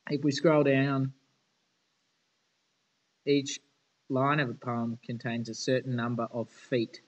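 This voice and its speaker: A man's voice: medium pitch, monotone, takes it slowly, dull audio. Casual male teacher. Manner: casual, chatty and frank. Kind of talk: informal classroom lesson.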